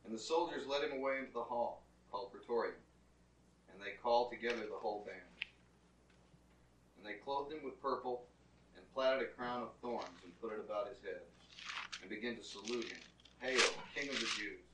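A man in the congregation reads scripture aloud in a plain, steady way. His voice sits on the low side and comes from well away from the mic. The room around him is echoey, with faint background ambience. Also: moderate pace, a little hiss or hum. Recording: roomy, distant from the mic.

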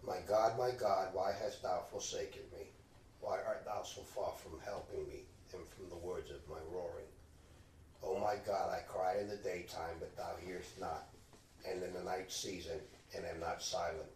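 A man reading scripture aloud in a slow, measured way at a Bible study, now and then stumbling on a word. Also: sits low, steady tone, darkish tone, slight background noise. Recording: echoey room, distant mic, faint background.

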